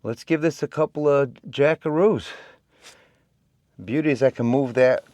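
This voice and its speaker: Wedged in a crawl space, a DIY vlogger talks viewers through his project in a chatty, joking way, panting from the effort. The recording is dry, and his medium-pitched voice is a little mellow at a normal speed.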